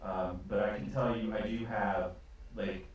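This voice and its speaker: A man's voice: on the low side, steady tone, measured pace, lo-fi sound. A man running a tabletop game as game master, describing scenes in a rambling, hesitant way with many fillers. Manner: rambling, hesitant, full of ums. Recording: echoey room, distant mic, faint noise.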